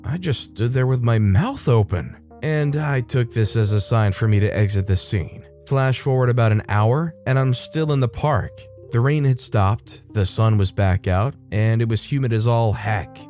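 A man's voice: mid-range voice, moderate pace, hardly any pauses, mellow, soft background music. Wry male story reader. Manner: wry, conversational asides. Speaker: storytime narrator. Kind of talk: reading Reddit stories aloud.

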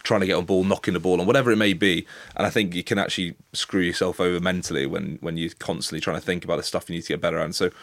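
Male guest, 30s, low gravelly voice, dry sound, reflective and hesitant. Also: steady tone, rapid-fire, few pauses, no echo. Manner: thoughtful, hesitant restarts. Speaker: guest, international rugby player. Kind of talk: casual interview chat.

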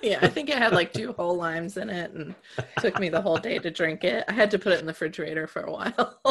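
A woman's voice: lowish voice, fast, creaky, a bit bright, slightly rough. A woman co-hosting a podcast, telling a story casually with fillers and frequent giggles. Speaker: podcast co-host. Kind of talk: casual chat.

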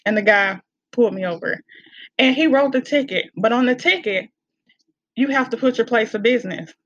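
A woman tells stories in a casual podcast chat, animated and quick to laugh. Her voice sits a little high. The sound is dry and a bit dull, like a lo-fi recording. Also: no room sound. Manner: animated storyteller, laughs often. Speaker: guest.

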